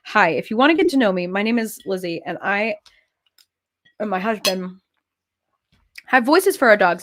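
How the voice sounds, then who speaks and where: A woman's voice: mid-range voice, animated, moderate pace, long pauses, a bit bright. A young woman chatting casually and playfully, rambling while she works on a craft. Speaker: host.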